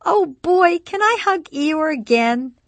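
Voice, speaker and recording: A woman voicing a gentle, playful woman who speaks in high, sing-song baby talk to a toddler. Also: very animated, slow pace, husky, no room sound, heavily acted. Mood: cooing delighted.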